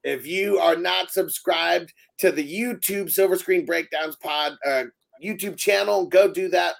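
A man hosts a casual movie podcast, recapping the plot with rambling asides and laughter. His voice is gravelly and sits a bit high. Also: measured pace. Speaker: podcast host. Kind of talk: casual movie review chat.

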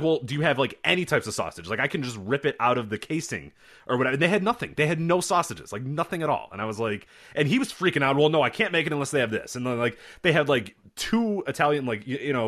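A man talks fast in casual podcast chat, and his pitch jumps around a lot. He acts out the people in his stories as he tells them. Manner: animated storyteller, acts out voices in anecdotes. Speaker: podcast co-host.

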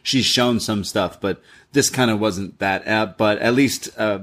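A man's voice: fairly low pitch, unhurried, fairly bright tone. A man co-hosting a casual wrestling review podcast, upbeat and joking. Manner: upbeat, joking, laughs often. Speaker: podcast co-host.

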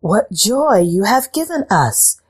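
A woman voicing a gracious female cat queen in a soft, coaxing voice. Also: fairly high pitch, very animated, unhurried, voice pushed up, heavily acted.

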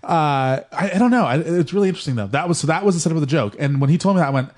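A man's voice: on the high side, animated, very fast, a little mellow. A man co-hosting a podcast in casual chat, joking and telling rambling stories. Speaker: podcast co-host.

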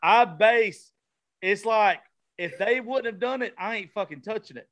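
A man with a Southern drawl talks casually and curses freely, pitched a touch high. He rambles loosely, like a host riffing with guests. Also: unhurried, fairly bright tone. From American South. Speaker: podcast host, comedian. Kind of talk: casual profane chat. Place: studio room with vintage decor.

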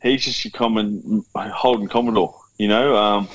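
A man's voice: lowish voice, steady tone, normal speed, no room sound, rough recording. A man co-hosting a podcast, teasing his friends in casual banter and swearing freely. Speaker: podcast co-host.

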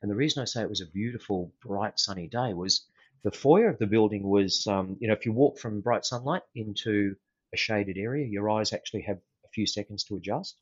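An Australian man, a former police officer, telling a story in a casual interview, unhurried and full of fillers and restarts. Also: fairly low pitch, slightly rough, no room sound, highs cut off.

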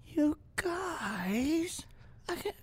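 A man doing an impression of Gollum, a small wheedling cave creature, with a whiny, breathy, throaty voice and broken grammar. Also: very high-pitched, big pitch swings, drawn-out words, voice pushed up, full character voice. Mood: whining pleading. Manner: whimpering, pleading, broken grammar. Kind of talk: comedic impression on a podcast. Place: home living room.

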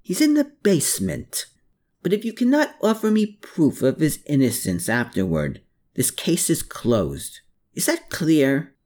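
The voice is a scornful, snarling military colonel, as a male narrator plays him, pitched up from the reader's own tone. He growls and snaps with lively ups and downs. It sounds like a storybook reading. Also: unhurried, exaggerated voice. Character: snarling, sneering middle-aged male army colonel. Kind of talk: audiobook character voice.

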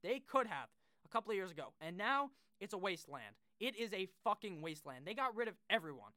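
A young man giving casual, rambling commentary as a sports fan creator, profane and quick to poke fun at himself. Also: sits high, very animated, pushed and bright, no room sound, clean studio sound. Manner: rambling, profane and self-deprecating. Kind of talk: casual draft-pick commentary.

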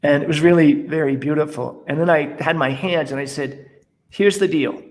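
A man's voice: on the high side, a little fast. A man, a priest, animatedly telling stories in an interview and acting out the dialogue. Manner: animated storyteller, acts out dialogue. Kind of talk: interview conversation.

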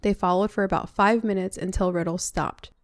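A woman reads a novel aloud at a middle pitch, pausing for chatty asides. The sound is dry and close, with no room echo. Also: fairly even intonation. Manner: chatty, breaks off to comment. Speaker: reader.

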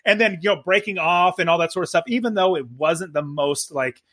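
A man chatting casually as co-host of a movie review, animated and often stammering and restarting his sentences. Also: high voice, a little fast.

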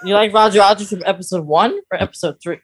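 Chatty cohost voice, middle pitch, quick little interjections. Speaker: podcast co-host. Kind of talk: casual chat.

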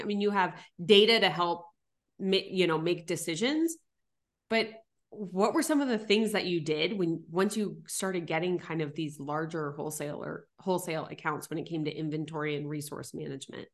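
A woman's voice: on the low side, normal speed. A woman hosting a podcast interview, emphatic and encouraging, asking long run-on questions. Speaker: podcast host. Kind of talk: casual interview.

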